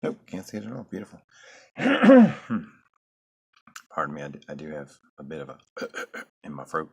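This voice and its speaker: A man's voice: extremely low pitch, brisk, vocal fry, a bit bright, husky. A man chatting casually as he draws, rambling and musing to himself with joking, self-deprecating asides. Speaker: artist drawing on camera. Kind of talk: casual drawing commentary.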